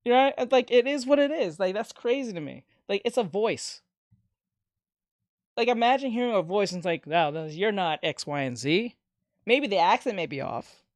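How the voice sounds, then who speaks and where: A live streamer talks casually and rants with feeling, swearing now and then as they answer chat. The voice sits at a middle pitch. It is recorded close on a desk mic with a dry sound and no room echo. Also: moderate pace. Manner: animated ranting with profanity, reads chat aloud.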